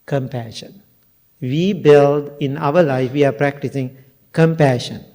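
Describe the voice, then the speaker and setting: An older man, a Buddhist monk, giving a dharma talk to a temple audience, speaking slowly and plainly with simple broken grammar and questions to the listeners. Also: fairly high pitch, fairly even intonation, warm tone.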